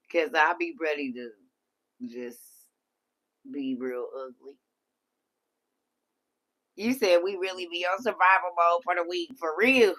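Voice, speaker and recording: Middle-aged woman, low-ish voice, laughing and talking back to her livestream chat. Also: takes it slowly, pauses often. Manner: animated, laughing often, talks back to chat. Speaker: livestream host. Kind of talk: casual live chat reading comments.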